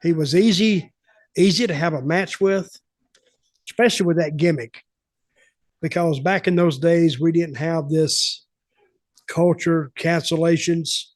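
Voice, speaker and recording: A man's voice: fairly high pitch, a little slow, long pauses, no room sound, clean studio sound. An older man hosting a podcast who tells rambling, blunt, conversational stories. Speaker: podcast host. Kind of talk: casual storytelling.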